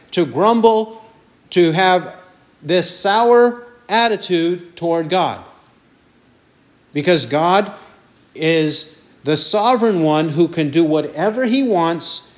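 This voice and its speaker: A man preaching a sermon, asking questions and answering them himself, stressing points with repeated lists of words. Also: sits high.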